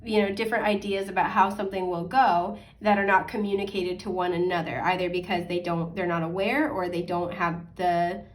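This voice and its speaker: A woman's voice: lowish voice, fairly even intonation, brisk, hardly any pauses. A woman giving a casual weekly tarot forecast to her viewers, rambling with lots of fillers, correcting herself and apologizing with a laugh. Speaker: astrology and tarot reader. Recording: voice a bit distant from the mic.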